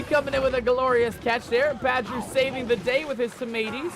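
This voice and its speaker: A man's voice: extremely high pitch, fairly even intonation, fairly quick, few pauses, music in the background. A man streaming live games, playing a playful pirate captain who hypes up his viewers with lots of repetition. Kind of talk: live game stream commentary.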